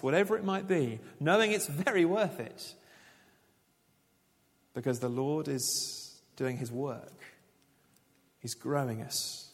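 A man's voice: mid-range voice, in a large hall. A man preaching a sermon as pastor, conversational and full of rhetorical questions.

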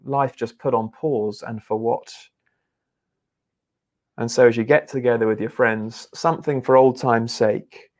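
A man's voice: mid-range voice, steady tone, a little mellow. A man preaching a sermon in an earnest, conversational way, often restarting his words. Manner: earnest, halting with repeated restarts.

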